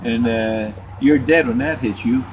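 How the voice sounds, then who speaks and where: Rambling older man telling old stories. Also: medium pitch. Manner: rambling, restarts often, drawn-out storytelling. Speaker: interviewee telling war stories. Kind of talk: casual reminiscing interview. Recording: home recording with noticeable background noise.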